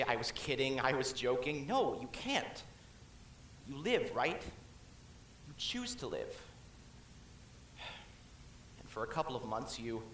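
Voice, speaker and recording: A man playing a middle-aged musical fan who confides in the audience with halting, musing asides on a theater stage. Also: medium pitch, fairly bright tone, slight background noise. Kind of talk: amateur stage musical acting. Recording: roomy stage recording.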